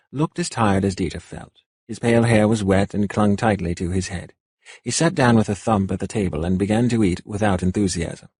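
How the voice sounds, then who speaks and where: A man narrating a novel as an audiobook in a steady storytelling manner. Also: lowish voice, slightly rough, no room sound, clean studio sound. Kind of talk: scripted narration.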